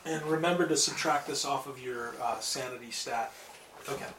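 A man running a tabletop horror game as game master, laughing easily and going low and hushed for the scary parts. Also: moderate pace. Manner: laughs easily, drops to a low hush when narrating horror. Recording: echoey call audio from far off, noisy.

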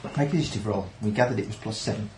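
A man's voice: lowish voice, steady tone, racing, a little mellow. A man running a tabletop game as game master, making calls in a dry, matter-of-fact way. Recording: echoey room with background hiss.

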